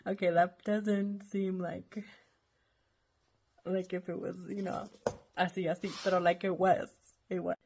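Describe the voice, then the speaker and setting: A woman's voice: fairly low pitch, flat delivery, a little slow, creaky, long pauses, noisy background. A woman hosting a book club, chatting casually and thinking aloud with enthusiasm.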